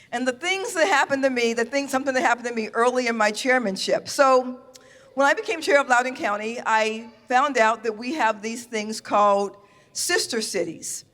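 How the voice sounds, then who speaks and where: A woman from the United States telling a true story live on stage, animated, laughing and acting out her own reactions. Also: on the high side, big-room sound. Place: stage in a venue.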